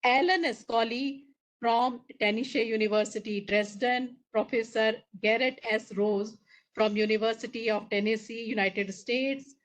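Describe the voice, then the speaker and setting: A woman's voice: a little high, a little slow, low-quality recording. A woman moderating a session and giving formal closing remarks, earnest and emphatic as she reads a long list of names. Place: conference hall.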